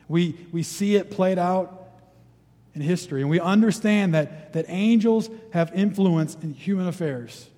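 A male pastor giving a sermon, reading scripture aloud and then retelling it in relaxed, conversational terms. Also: fairly high pitch, in a large hall. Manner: reads scripture, then retells it in casual everyday speech. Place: church sanctuary.

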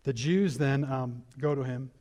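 A man preaching a sermon as pastor, animated and emphatic with conversational, reflective asides. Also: mid-range voice, a little slow.

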